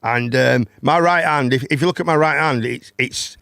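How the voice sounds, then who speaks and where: Gravelly man rambling with stories. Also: medium pitch, moderate pace, fairly bright tone, dry recording, clean studio sound. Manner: rambling, swearing, repeats words. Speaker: host. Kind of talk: casual chat storytelling.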